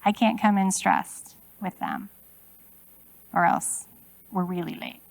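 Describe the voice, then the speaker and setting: Keynote speaker, woman in her forties with some vocal fry; casual, talks straight to the room with rhetorical questions. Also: medium pitch, steady tone, slow pace, no echo, poor audio. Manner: conversational, asks the audience many rhetorical questions. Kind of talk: conference keynote talk. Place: conference room.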